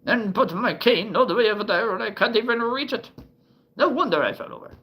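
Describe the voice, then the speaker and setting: Man doing a cranky old grandpa, raised thin pitch, slow quavering grumble, bright tone. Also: lively intonation, breathy edge, heavily acted, low-quality recording. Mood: flustered. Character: cranky elderly grandpa, high-pitched and doddering.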